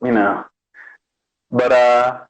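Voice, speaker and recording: Drawing out his words at a medium pitch, a Bronx guest artist chats casually in an interview recorded with poor audio. He tells his stories animatedly, acting out what people said.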